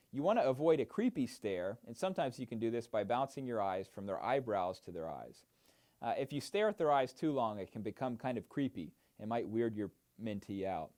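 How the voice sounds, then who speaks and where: Male trainer, animated pitch, explanatory lesson delivery with frequent fillers. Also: a little fast. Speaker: mentor trainer. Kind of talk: instructional narration.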